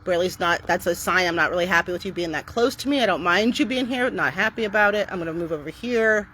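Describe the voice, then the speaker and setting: A middle-aged woman talking casually to camera outdoors on her property, chatty and upbeat, switching to a bright cheery voice when she greets her dogs. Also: lowish voice, quick pace, a little hiss or hum. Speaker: dog owner vlogger.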